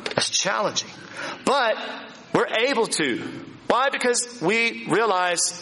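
High, bright-voiced preaching man. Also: slow. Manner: animated, emphatic preaching with rhetorical questions and repetition. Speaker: pastor. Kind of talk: sermon.

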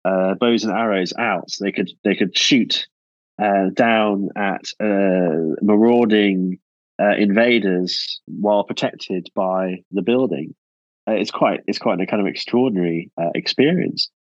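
A man's voice: on the low side, a little slow, no echo, muffled recording. A man answering interview questions about architecture, thoughtful and full of restarts and fillers.

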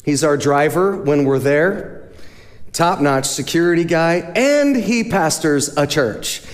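A man speaking as a charity's guest speaker, telling stories in a lively sermon style and acting out the voices of the people he quotes. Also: on the high side, slow pace. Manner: animated storyteller, acts out quoted voices. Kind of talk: storytelling sermon talk. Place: church sanctuary. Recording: long hall reverb.

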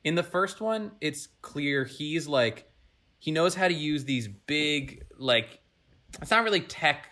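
A man's voice: a little high, expressive, slow pace, bright, forceful tone. A man chatting casually about movies with friends, laid-back and a bit hesitant.

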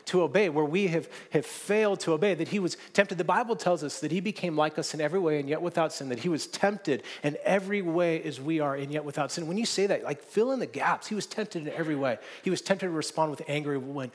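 A man preaching a sermon, earnest and often restarting his words, rising into emphatic stretches. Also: on the high side. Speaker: pastor.

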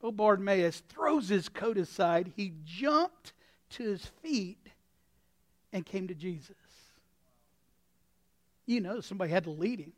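Impassioned pastor preaching a sermon. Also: male voice, high voice, lively intonation, unhurried, pauses often. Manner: impassioned, breaks into sudden shouts; folksy, anecdotal.

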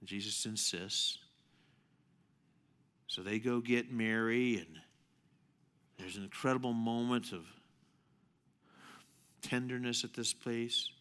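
A male pastor preaching a sermon, telling the story animatedly and swinging between loud emphasis and hushed asides. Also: mid-range voice, fairly even intonation, slow, pauses often, clean tone.

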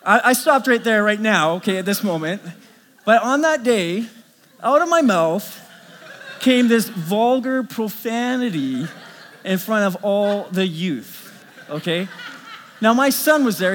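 A middle-aged male pastor preaches in a high, lively voice, telling a story and stumbling over restarts as he builds it up. His words ring out with a long reverb from a large hall. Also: measured pace, a little hiss or hum. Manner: storytelling, animated, many restarts. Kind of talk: sermon.

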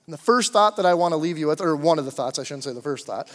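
A young man with a high voice preaches to his church in a relaxed, chatty style, stopping for asides and filler words as he talks. His voice rings out into a big sanctuary with a long reverb trailing behind it. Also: fast talker, hardly any pauses. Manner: casual, conversational preaching with many fillers. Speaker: pastor. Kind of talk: sermon.

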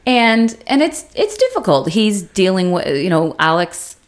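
A woman co-hosting a casual podcast chat, recapping a TV series and acting out the characters' lines with big leaps in pitch. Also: a little slow. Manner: animated retelling, acts out quotes with big pitch jumps. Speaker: podcast co-host.

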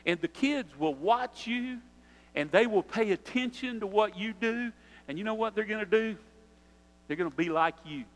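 A pastor preaching a sermon, talking earnestly and conversationally and putting direct questions to the congregation. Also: male voice, high-pitched, animated, normal speed, big-room sound, poor audio.

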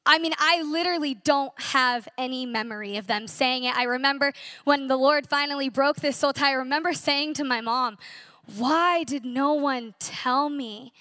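Bright high-voiced young woman giving testimony. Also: a little fast, no echo, studio quality. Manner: earnest, emotional, animated storytelling. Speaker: testimony speaker at a church conference. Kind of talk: personal testimony to a congregation.

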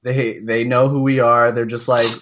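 A man's voice: mid-range voice, level tone, normal speed, lo-fi sound, noisy background. Young man laughing through casual podcast chat. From United States. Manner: storytelling, laughing often. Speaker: podcast co-host.

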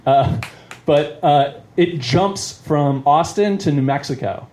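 A man with a slightly high, somewhat mellow voice does stand-up at a live venue, speaking slowly but animatedly. His long story meanders and breaks off as he chuckles at it.

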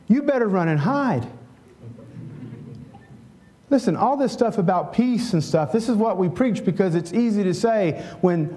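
A man's voice: sits high, mellow. A middle-aged male pastor giving a conversational sermon, often checking in with "right?" and leading a prayer.

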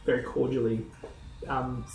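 A man's voice: medium pitch, little pitch movement, unhurried, gravelly, darkish tone. A man running a tabletop game as game master, narrating with a chatty, laughing manner and many ums. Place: room shared with players around a table. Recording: echoey room, mic at a distance, faint noise.

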